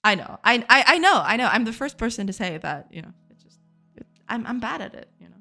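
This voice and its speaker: A woman's voice: fairly high pitch, sing-song, fast, pushed and bright, soft background music. A woman streaming game development live, chatting casually with her viewers, laughing often and repeating herself in a self-deprecating way.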